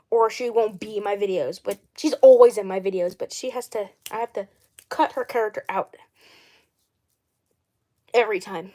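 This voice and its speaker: A young woman in her twenties chatting casually on a livestream about the dolls she voices, rambling, correcting herself and often clearing her throat. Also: mid-range voice, normal speed, pauses often, mellow. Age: 20s. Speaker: doll series creator.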